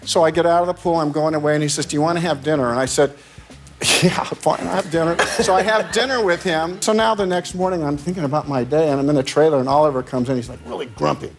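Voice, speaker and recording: Older American man, chatty anecdotal storyteller, a bit higher-pitched. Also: fairly even intonation, fast. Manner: rambling storyteller, laughing, restarts. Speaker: actor telling stories on talk shows. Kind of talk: casual anecdotes.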